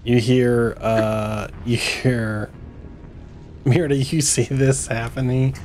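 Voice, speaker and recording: A man's voice: mid-range voice, fairly even intonation, takes it slowly, a little mellow, faint music behind. A man narrating a tabletop game as game master, casual and loose with many fillers.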